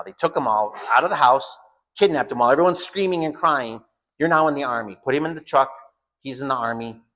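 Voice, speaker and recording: A man in the middle of an informal lesson for his students, speaking at an ordinary, mid-range pitch. His delivery is blunt and emphatic. He circles back over his own phrases to drive each point home. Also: fairly bright tone. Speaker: home school teacher.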